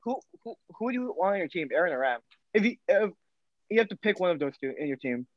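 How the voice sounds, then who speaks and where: A young man hosting a podcast in casual chat, halting and restarting his sentences with lots of fillers. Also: high voice, big pitch swings, no room sound. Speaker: podcast host. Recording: dry, dull lo-fi sound.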